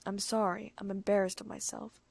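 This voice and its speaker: A woman's voice: medium pitch, flat delivery, a little fast, gravelly, darkish tone, no echo. A woman voicing a timid, apologetic young man who stammers nervously.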